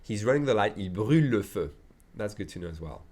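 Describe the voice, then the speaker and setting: Casting: middle-aged French man, French accent, lowish voice, relaxed tutor for beginners, repeats and checks in. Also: a little fast. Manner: chatty, repeats phrases and checks in with "d'accord". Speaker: French teacher. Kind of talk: beginner language lesson.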